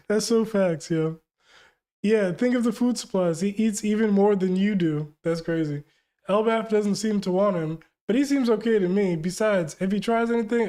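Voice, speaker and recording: Reading quotes from a manga and reacting to them in excited, slangy bursts, this young man runs a live reaction session. He has a high-pitched, mellow voice.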